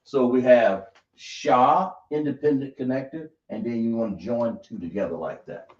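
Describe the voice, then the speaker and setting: A man teaching a class, slowly spelling out sounds and quizzing his students. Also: mid-range voice. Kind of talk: classroom lesson. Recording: roomy, dull lo-fi sound.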